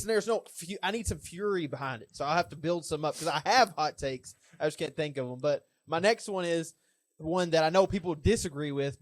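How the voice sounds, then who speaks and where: Young guy on a podcast, kinda high voice, rambles a lot and gets worked up, dead dry mic. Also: no room sound. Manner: rambling storyteller, gets fired up. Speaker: podcast co-host. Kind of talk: casual chat.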